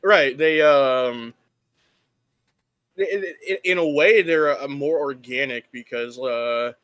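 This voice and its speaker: A man's voice: mid-range voice, slow pace, a bit bright, no room sound. A young man talks about running tabletop games, full of fillers and restarts but plainly enthusiastic. His voice sounds close and dry, with no room around it. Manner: rambling, filler-heavy, enthusiastic. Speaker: game master, podcast guest. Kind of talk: casual chat.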